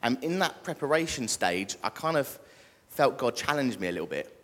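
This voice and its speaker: A man's voice: mid-range voice, very animated, moderate pace, a bit bright. A young British man preaching a casual sermon and joking with the congregation. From Britain. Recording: echoey church hall.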